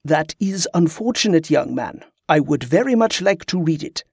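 A man reading aloud, voicing a calm, formal man of authority who speaks in a measured way. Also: on the high side, vocal fry, husky, no room sound, clean studio sound, heavily acted.

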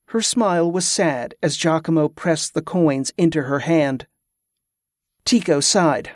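A male narrator reads a fantasy novel in a steady, even voice, pitched a little high for a man. The recording is dry and close, with no room sound at all. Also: unhurried, no echo. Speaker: audiobook narrator.

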